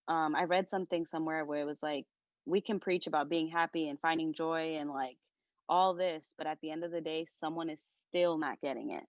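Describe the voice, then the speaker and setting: A woman's voice: low voice, no room sound. A young woman chatting as a podcast guest, speaking earnestly and from the heart, with lots of "like" in her talk. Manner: earnest, heartfelt, leans heavily on "like". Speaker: podcast guest, content creator. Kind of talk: casual conversation. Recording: dull lo-fi recording.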